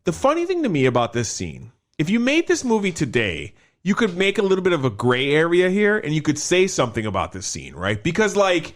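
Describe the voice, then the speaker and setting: Animated man recapping a movie. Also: a little high, brisk, few pauses. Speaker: podcast co-host. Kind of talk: casual chat.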